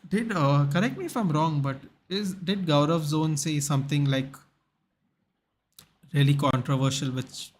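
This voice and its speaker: A man's voice: fairly high pitch, a little slow. A young man hosting a live football watchalong stream, chatting casually, answering viewers in the chat and reading out names and match stats.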